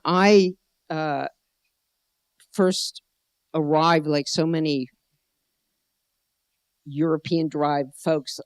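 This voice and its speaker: A woman's voice: deep voice, no room sound. A middle-aged American woman giving a conference talk as an anthropologist, telling a digressive story and often searching for her words. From United States. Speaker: anthropologist speaker. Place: gallery venue indoors.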